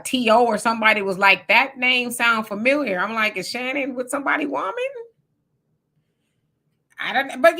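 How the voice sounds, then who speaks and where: A woman's voice: sits high, sharp tone. A middle-aged woman, co-hosting a live stream and reading viewer comments in a chatty, teasing way. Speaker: livestream co-host. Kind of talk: casual live-chat commentary.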